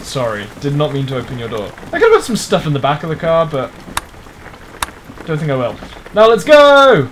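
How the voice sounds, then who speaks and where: A man's voice: a little high, very animated, fairly quick, pauses often, a little hiss or hum. A man giving rambling, jokey let's play commentary on a driving game, swearing often. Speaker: gamer playing a driving game.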